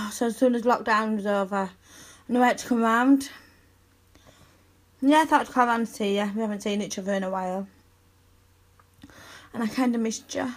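A young woman in a one-sided audio role-play, speaking softly and intimately to the listener as her best friend, with sighs and giggles. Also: a little high, normal speed, pauses often.

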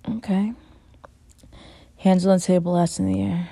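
A woman in a whispered role-play with a deep, gravelly rasp and a dark, mellow tone. She speaks very slowly and close to the mic, and her words often sink into a breathy whisper. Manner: close, intimate delivery, often sliding into a whisper. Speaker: audio role-play performer.

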